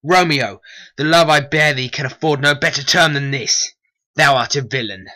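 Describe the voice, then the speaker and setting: A man voicing a hot-tempered young male swordsman in a homemade stop-motion animation, speaking loudly and challengingly. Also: medium pitch, steady tone, unhurried, breathy edge. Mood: hostile. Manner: loud, challenging.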